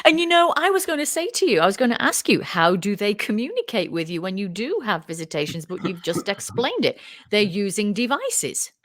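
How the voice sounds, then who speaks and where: A woman's voice: mid-range voice, sing-song, fairly quick, hardly any pauses. A woman hosting a talk show interview, mostly reacting with short interjections. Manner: brief warm interjections and reactions.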